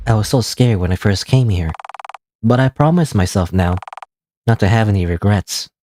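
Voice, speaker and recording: A man's voice: lowish voice, expressive, normal speed, mellow, a little hiss or hum, lightly acted. A man reading aloud the lines of a determined young girl from a game, in his own plain voice.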